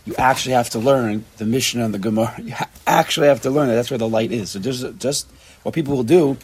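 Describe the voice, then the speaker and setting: Teaching Torah casually to a handful of students, this man talks with energy, circling back over phrases and sprinkling in Hebrew and Yiddish terms. He speaks slightly quickly, with a mid-range, somewhat rough voice.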